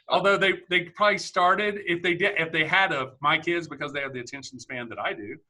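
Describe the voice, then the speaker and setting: Very bright, chatty male host. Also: a little high, moderate pace, long pauses. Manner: chatty, laughs easily. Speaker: podcast host. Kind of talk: casual interview chat.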